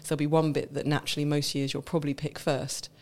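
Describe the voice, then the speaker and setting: A woman's voice: deep voice, little pitch movement, fast talker. A woman from Britain co-hosting a casual podcast chat, explaining in detail and laughing often. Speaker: wine expert co-host.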